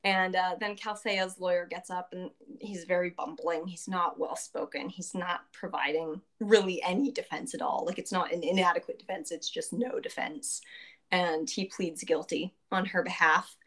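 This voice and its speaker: A woman casually recapping a tabletop game session, chatty and quick to laugh, acting out quotes in a lifted voice. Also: steady tone, fairly bright tone. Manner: chatty, laughs often, acts out quotes in a higher voice.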